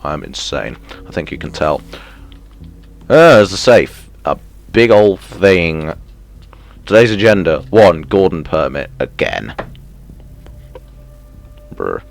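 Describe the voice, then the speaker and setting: A man playing a video game and commenting as he goes, muttering to himself, then bursting into yelps and shouts of excitement. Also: sits low, slow, gravelly, pauses often. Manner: excitable, self-mocking, sudden yelps and mutters. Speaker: gaming streamer. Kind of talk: let's play commentary.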